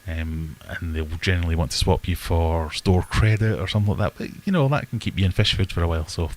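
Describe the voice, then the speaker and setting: A man's voice: low voice, quick pace. A man hosting a casual livestream, chatting in a rambling, self-deprecating way and answering viewer questions. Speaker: livestream host. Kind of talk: casual live chat. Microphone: desk webcam setup.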